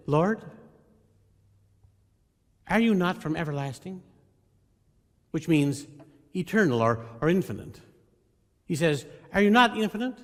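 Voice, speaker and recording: A male pastor preaching a sermon in an earnest, emphatic way, often addressing the congregation as folks. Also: a little high. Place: church sanctuary. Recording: reverberant church hall.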